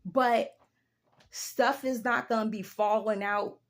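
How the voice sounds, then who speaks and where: A vlogger in her forties, her voice fairly high with a steady tone, rants casually to viewers about her opinions. She narrates a story with emphatic, elongated delivery and large vocal jumps.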